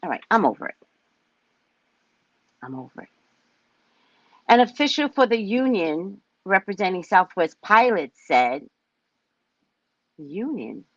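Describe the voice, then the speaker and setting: Profane, animated older woman host. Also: mid-range voice, unhurried, long pauses, no room sound, muffled recording. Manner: blunt and profane, reading news aloud and mocking it. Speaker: psychic show host. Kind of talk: casual live-stream rant.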